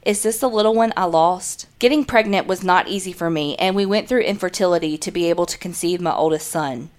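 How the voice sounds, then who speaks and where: A woman's voice: on the low side, a little fast. A woman co-hosting a podcast, reading listener emails aloud in an earnest way and adding wry asides in casual chat.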